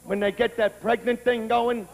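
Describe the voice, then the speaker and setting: A man doing a stand-up comedy set, brash and profane, often breaking into shouts. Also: extremely high pitch, flat delivery, normal speed, gravelly. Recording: long reverb, faint background noise.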